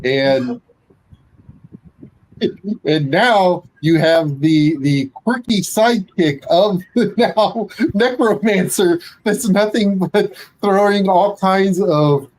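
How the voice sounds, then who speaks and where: A man hosting a casual tabletop-gaming live-stream chat, relaxed and jokey. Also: sits high, slow, poor audio. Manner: relaxed, jokey, laughs while talking.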